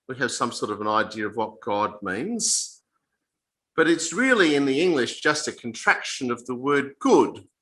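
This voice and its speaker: With a mid-range voice that sounds pushed and bright, a man gives a small group an informal Bible talk, recorded in poor audio. His plain, conversational explanations are halting, with phrases repeated and restarted mid-sentence.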